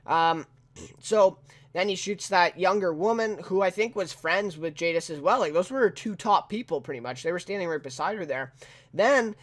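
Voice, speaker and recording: A man with a fairly high voice talks through a TV episode review in a loose, off-the-cuff way. He leans on fillers and keeps tacking questions onto the ends of his sentences. He chuckles as he goes. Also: moderate pace, fairly bright tone. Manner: rambling, heavy on fillers and tag questions; chuckles often while talking. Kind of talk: casual spoken review.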